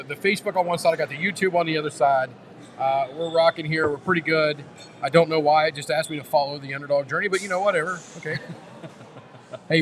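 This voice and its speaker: A man's voice: a little high, fairly bright tone, slight background noise. Rambling, playful man hosting a podcast. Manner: rambling, playful, easily sidetracked. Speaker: podcast host. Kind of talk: casual live podcast chat.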